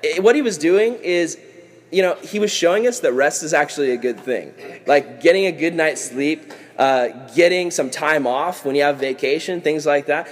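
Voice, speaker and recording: A man teaching a casual Bible lesson to kids as a youth pastor, animated and jokey, acting out characters. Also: on the high side, moderate pace. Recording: long hall reverb.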